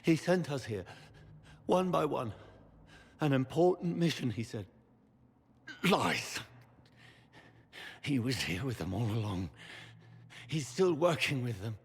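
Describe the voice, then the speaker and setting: A dying tortured knight, gravelly. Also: male voice, mid-range voice, sing-song, slow pace, long pauses, big-room sound, full character voice. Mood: bitter. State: strained and weak. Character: dying tortured male knight, desperate and bitter. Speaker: game character.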